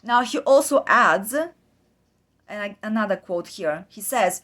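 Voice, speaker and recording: A woman from Bulgaria hosting a podcast, earnestly talking through news articles with many pauses and fillers. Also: medium pitch, expressive, fairly bright tone. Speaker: podcast host. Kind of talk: informal commentary reading from articles.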